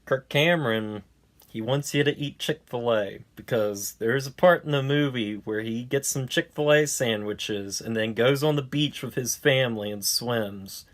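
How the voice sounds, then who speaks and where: A man's voice: medium pitch, unhurried. A man giving a casual, rambling movie review, wry and sarcastic, with many fillers and restarts.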